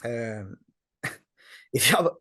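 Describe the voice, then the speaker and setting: A man with a Manchester accent, a guest giving blunt opinions in casual chat, animated and talking in quick bursts with lots of fillers. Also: medium pitch. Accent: Mancunian. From Manchester, England.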